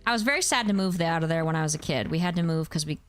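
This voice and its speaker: A woman in her thirties from the United States, chatting casually with her viewers while she plays a game, with animated exclamations. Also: low-pitched, very fast, faint music behind. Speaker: game streamer. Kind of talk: casual chat while gaming.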